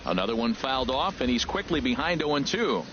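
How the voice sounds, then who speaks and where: A man doing play-by-play for a baseball video game, calling each pitch and play in a brisk, crisp manner. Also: big pitch swings. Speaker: play-by-play announcer. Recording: muffled game audio with background noise.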